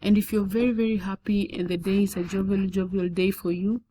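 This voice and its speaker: A young adult woman gives an explanatory, lecture-style classroom lesson, repeating words often and frequently checking in with "okay?". Her mid-range voice has little pitch movement and a mellow, slightly fast delivery, and the audio quality is poor.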